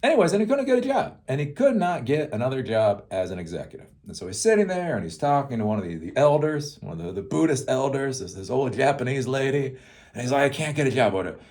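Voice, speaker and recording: Man, host, casual swearing rant, animated pitch, mid voice. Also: fast talker. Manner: profane, rambling, laughs often.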